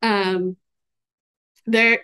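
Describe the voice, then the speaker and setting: Woman, podcast host, casual interview talk, reflective, filler words, medium pitch. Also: steady tone, extremely slow, bright, forceful tone, clear, resonant tone. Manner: thoughtful, with fillers and laughs.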